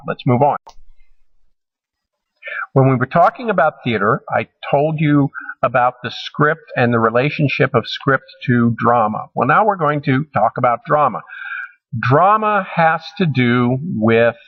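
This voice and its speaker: A man teaching a recorded college humanities lecture, measured and halting, with frequent ums and restarts. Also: medium pitch, muffled recording.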